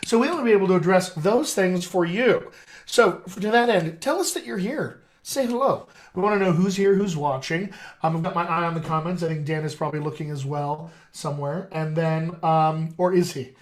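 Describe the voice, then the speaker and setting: Here a dialect coach with a brisk, high-pitched voice chats with viewers on his live stream. It's casual, playful talk delivered straight to the audience through a video call setup.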